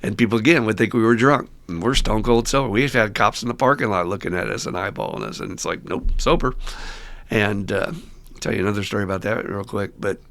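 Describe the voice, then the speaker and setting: A man's voice: lowish voice, quick pace, gravelly, a bit bright. A man, hosting a podcast and telling stories in a loose, casual way, laughing often and swearing now and then. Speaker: podcast host and recovery sponsor. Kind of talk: casual storytelling chat.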